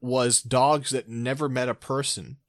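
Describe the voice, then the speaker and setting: A man's voice: mid-range voice, steady tone, a little slow, no echo. A man co-hosting a podcast in casual chat, dry and sardonic, often reading entries aloud. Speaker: podcast co-host.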